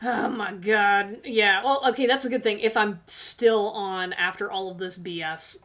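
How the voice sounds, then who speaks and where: Her voice is mid-range and slightly bright, with a steady tone and a measured pace. She's a tarot reader running a livestream, chatting straight to her viewers with plenty of sass and frequent laughter.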